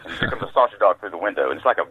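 A man with a low, husky voice tells folksy stories as a guest, slipping into other people's voices. His pitch swings widely. The line is thin and phone-like, with no room echo. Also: animated, racing. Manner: folksy anecdotes, acts out voices. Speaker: guest author, former caddy. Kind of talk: storytelling interview. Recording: dry tinny phone line.

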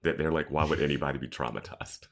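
A man's voice: rumbling low, fast talker, gravelly, a bit bright. A young man co-hosting a podcast, chatting casually and laughing often as he recaps an episode. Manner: laid-back, laughs often, agreeing interjections. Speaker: podcast co-host. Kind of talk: casual chat recapping a show.

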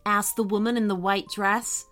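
A woman narrating a children's story in a gentle, expressive read-aloud way. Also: medium pitch, moderate pace, faint music behind.

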